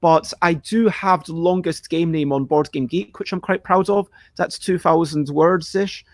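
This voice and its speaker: A man hosts a livestream, answering viewer questions in a chatty, unhurried way, rambling, cutting himself off and now and then acting out panicked reactions. His voice is fairly high, and the sound is close and dry with no room echo.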